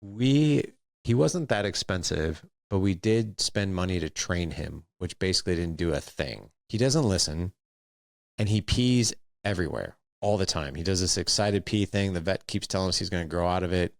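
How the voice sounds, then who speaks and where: A man hosting a podcast, telling a personal story in a candid, animated way with acted-out quotes. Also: low voice, normal speed, gravelly, no room sound, studio quality. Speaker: podcast host.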